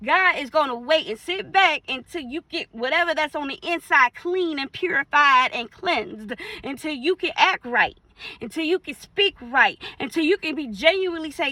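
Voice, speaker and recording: A woman's voice: sits high, animated, normal speed, sharp tone, poor audio. A woman minister preaching casually, acting out little dialogues in playful voices.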